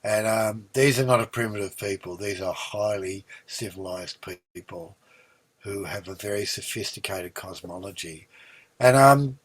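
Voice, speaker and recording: A man's voice: on the low side, a little slow. An Australian man in his sixties, a singer-songwriter guest, telling long rambling stories with many ums and restarts. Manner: warm rambling storyteller, many ums and restarts, lively when recounting. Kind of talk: relaxed storytelling conversation.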